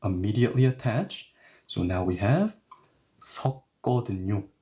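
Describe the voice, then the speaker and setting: A man teaching a grammar lesson, explaining patiently step by step and repeating example sentences slowly. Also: fairly low pitch, lively intonation, warm tone. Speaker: Korean language teacher.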